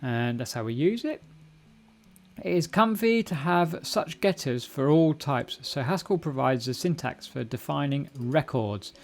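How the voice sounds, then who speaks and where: Gravelly and on the high side, this man's voice has lively intonation and a measured pace. He's hosting a relaxed live coding stream from his home computer while learning a programming language, reasoning aloud and correcting himself over the sound of typing and clicks.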